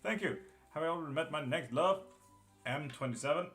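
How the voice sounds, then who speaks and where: A man's voice: on the high side, fairly quick, fairly bright tone, faint music behind. A man reading tarot live, chatting casually and bluntly with viewers, calling them by name and swearing now and then. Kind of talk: casual live-stream chat.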